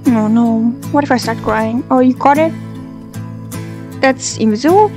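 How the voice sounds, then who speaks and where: A young woman hosting a reaction video, talking back at the screen, excitable and swearing freely. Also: on the high side, unhurried, music in the background. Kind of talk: casual reaction commentary.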